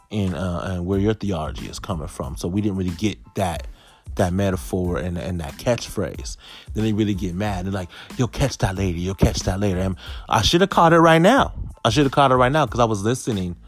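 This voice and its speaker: A man's voice: sits low, expressive, brisk. A middle-aged man doing stand-up comedy, talking conversationally and punctuating bits with "okay.". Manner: conversational, keeps saying okay.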